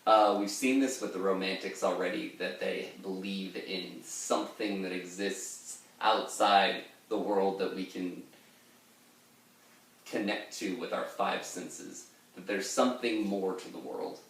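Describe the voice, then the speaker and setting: A man's voice: deep voice, steady tone, a little slow, gravelly, fairly bright tone. A man reading and explaining a poem in a casual way, thinking aloud with frequent fillers. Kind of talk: casual literary commentary. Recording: very echoey room, distant mic.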